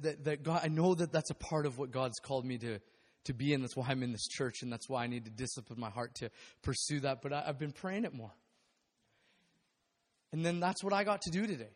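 A man preaching a sermon as pastor in a church, candid and self-deprecating, rambling with restarts and bursts of laughter. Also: medium pitch. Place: church sanctuary. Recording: long hall reverb.

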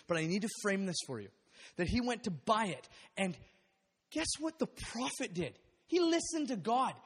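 High-voiced male pastor in a reverberant hall. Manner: candid, self-deprecating, rambling with restarts and laughs. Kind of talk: sermon. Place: church sanctuary.

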